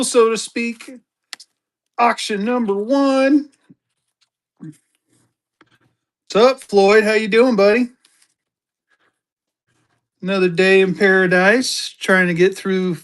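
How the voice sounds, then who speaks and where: A man with a high voice hosts a casual live-stream sale. He talks chattily and greets buyers by name. He keeps urging everyone to get in and bid. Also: slow pace, long pauses, a bit bright. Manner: hypes bidders, greets viewers by name. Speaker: live-stream auction host. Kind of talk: live-stream selling chat.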